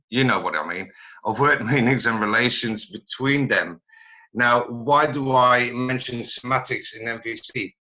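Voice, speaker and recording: A man giving a presentation over a video call, halting and searching for his words as he goes. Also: fairly low pitch, pushed and bright, poor audio. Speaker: presenter at a learning network meeting. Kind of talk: online meeting presentation.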